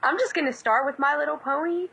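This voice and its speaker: A woman's voice: sits high, quick pace, creaky, fairly bright tone, poor audio. A woman in her twenties co-hosting a casual podcast over a Skype call, bantering and laughing easily while reading the news. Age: 20s.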